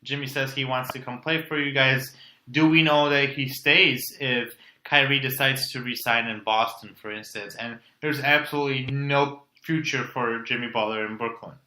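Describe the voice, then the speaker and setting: A man with a very bright, sharp voice co-hosts a sports podcast. He speaks hesitantly, weighing options out loud. The recording has a noticeably roomy echo. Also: mid-range voice, steady tone, moderate pace. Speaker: podcast co-host. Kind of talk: casual sports debate.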